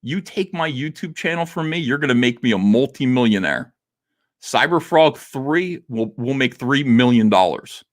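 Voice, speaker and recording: A man hosting a comics livestream, talking in a theatrical monologue that swings between quiet and loud, with frequent laughs. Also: mid-range voice, expressive, normal speed.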